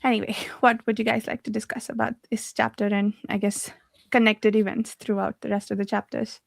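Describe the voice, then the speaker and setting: A woman leading a casual book club discussion, chatty and quick to laugh, often correcting herself mid-sentence. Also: medium pitch, flat delivery, vocal fry, dry recording.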